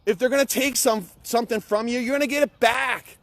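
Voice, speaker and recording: A man's voice: very high voice, fairly even intonation, brisk, creaky, fairly bright tone, dry recording. A middle-aged man giving an impassioned, blunt pep talk to camera, emphatic, repetitive and peppered with swearing. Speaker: motivational vlogger.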